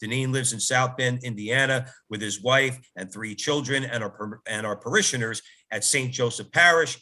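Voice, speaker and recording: A man's voice: medium pitch, moderate pace, bright, forceful tone. A man hosting a Catholic talk radio show, giving an upbeat scripted introduction and reading a guest's biography. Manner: upbeat announcer delivery, reads a guest bio.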